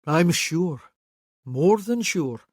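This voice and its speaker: A woman narrator voices a bold Highland warrior, firm and loud and coaxing. She keeps it in her own lowish register rather than dropping deep. The sound is close and dry. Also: expressive, extremely slow, no echo, full character voice. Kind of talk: audiobook character voicing.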